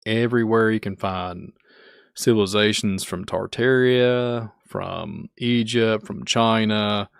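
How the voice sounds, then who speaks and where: A man's voice: on the low side, slow, creaky, clear, resonant tone, dry recording, clean studio sound. A man from Kentucky with a Kentucky accent, hosting a livestream podcast, rambling and repeating himself as he reads the chat. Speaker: podcast host. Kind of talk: casual livestream talk reading chat.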